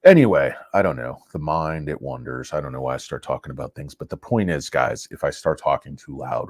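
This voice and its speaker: Man, stock channel host, very low voice, dry sound, casual market commentary, excitable and rambling. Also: fairly quick, few pauses, no room sound. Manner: rambling, excitable, self-mocking.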